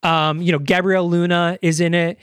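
A man's voice: sits high, level tone, normal speed, fairly bright tone, smooth, no room sound, studio quality. Enthusiastic rambling podcast host man. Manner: rambling and enthusiastic, casual swearing. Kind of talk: casual chat.

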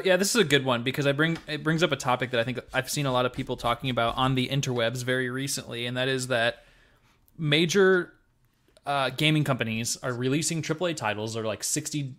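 A man's voice: mid-range voice, fairly bright tone. A man co-hosting a podcast, chatting casually and going on ranting, swearing tangents. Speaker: podcast co-host. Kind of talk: casual chat.

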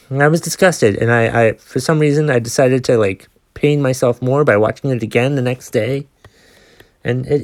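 A man in his forties hosting a podcast, telling a long story in a casual, ranting way with plenty of swearing and exasperation. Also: medium pitch. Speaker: podcast host.

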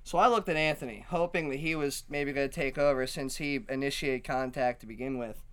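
A man co-hosting a casual podcast, telling a bar story in an animated, laughing way and swearing freely. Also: mid-range voice, brisk, clear, resonant tone. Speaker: podcast co-host.

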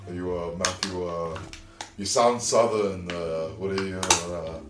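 A man doing improv comedy in a rambling, loose way that now and then jumps to shouting. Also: low voice, steady tone, measured pace, roomy sound, distant mic, over music. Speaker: improv performer.

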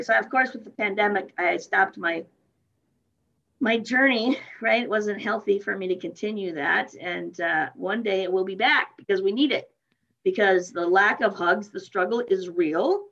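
A middle-aged woman guest telling a story in casual chat, lively, laughing often and acting out quotes. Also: mid-range voice. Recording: muffled lo-fi sound.

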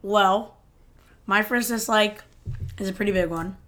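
A woman co-hosting a podcast, reviewing TV episodes in a relaxed, conversational way with frequent filler words. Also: mid-range voice, unhurried. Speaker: podcast co-host. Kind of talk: casual chat reviewing TV episodes.

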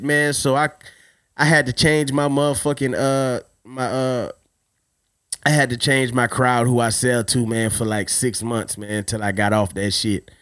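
Loud man telling stories. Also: fairly high pitch, no echo, clean studio sound. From Louisiana. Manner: loud, profane, laughing, slangy. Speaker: podcast host. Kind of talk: casual rambling storytelling.

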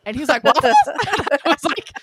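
A woman co-hosting a casual chat, telling an animated family story and laughing often. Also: high-pitched, fast, noisy background.

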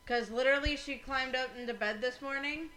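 A woman co-hosting a loose podcast, blunt and quick to swear. Her voice is bright and sits a bit high, and she talks in offhand, casual banter. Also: slight background noise, rough recording. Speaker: podcast co-host.

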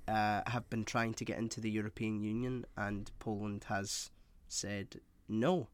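A man's voice: fairly low pitch, little pitch movement, a little slow, smooth, no room sound. A man co-hosting a podcast, teasing dryly and hesitating with fillers as he gets to the point. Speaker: podcast co-host. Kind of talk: casual podcast chat.

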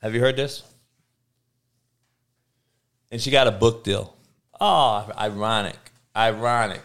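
A man's voice: on the low side, takes it slowly, a bit bright. A middle-aged man ranting as a podcast host, blunt, sarcastic and heavy on profanity, often stammering through restarts. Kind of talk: profane rant.

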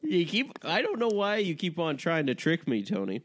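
A man's voice: fairly high pitch, wildly swooping pitch, moderate pace. A man hosting a podcast in casual comedic chat, laughing often and playing along with disbelief. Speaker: podcast host.

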